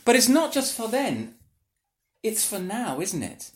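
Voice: medium pitch, big pitch swings, a little slow. A preacher giving an earnest, conversational sermon that is full of questions put to the listeners. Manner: earnest, conversational, asks the audience rhetorical questions.

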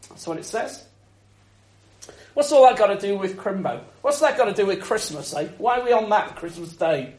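A man preaching a Christmas sermon in a lively, conversational way, asking the listeners rhetorical questions. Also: high voice, normal speed. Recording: echoey room.

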